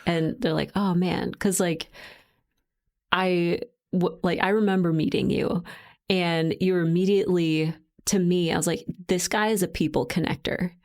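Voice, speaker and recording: Brief: Southern woman, lowish voice with vocal fry, encouraging podcast guest. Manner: warm, encouraging, affirming. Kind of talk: casual interview chat.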